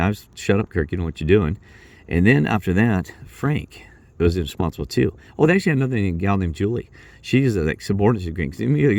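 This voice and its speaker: A man telling a rambling work story in casual talk, acting out his coworkers' lines in a higher voice. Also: a little mellow, dry recording. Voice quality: low gravelly voice. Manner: rambling, acts out coworkers' lines with raised pitch.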